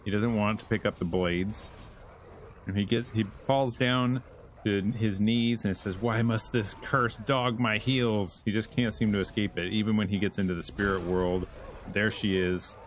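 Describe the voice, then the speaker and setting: Lively low-voiced man reviewing a comic. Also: moderate pace, slight background noise. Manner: animated, chuckles while retelling. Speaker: host. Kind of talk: casual comic book review.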